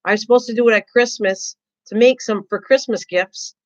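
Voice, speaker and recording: A woman hosting a crafting livestream, chatting with her viewers in an excitable, rambling way and often repeating herself. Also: on the high side, brisk. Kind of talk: casual chat reading viewer comments. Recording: dull lo-fi livestream audio.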